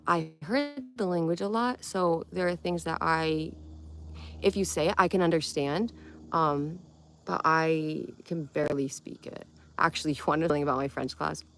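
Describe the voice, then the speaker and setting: A woman's voice: low voice, creaky, a bit bright, slight background noise. Chatty young woman on a livestream. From Connecticut, USA. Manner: chatty, playful, answers chat one by one. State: tired. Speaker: livestream host. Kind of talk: casual livestream chat reading comments.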